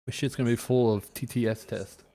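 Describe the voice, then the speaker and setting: Gravelly-voiced man chatting on a live stream. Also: medium pitch, steady tone, a little fast, warm tone. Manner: mutters and swears while fiddling with stream settings.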